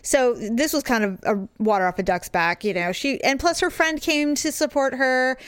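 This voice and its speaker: Candid, animated middle-aged woman. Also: high-pitched, normal speed, clear, resonant tone, dry recording, clean studio sound. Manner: candid, animated storytelling with blunt profanity. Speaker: podcast co-host. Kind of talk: casual chat.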